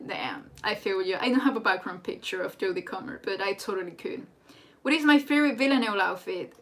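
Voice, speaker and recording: A young woman, a native Spanish speaker, hosting a casual live chat in an excitable, rambling way. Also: mid-range voice, normal speed. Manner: excitable and rambling, with frequent restarts. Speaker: livestream host. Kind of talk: casual live chat reading viewer comments.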